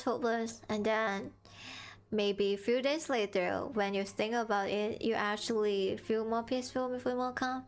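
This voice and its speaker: A woman with a slightly high voice chats on a live stream through a sore, strained throat. She gives earnest, encouraging advice in halting, non-native English. Faint music plays underneath. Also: creaky. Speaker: VTuber streamer.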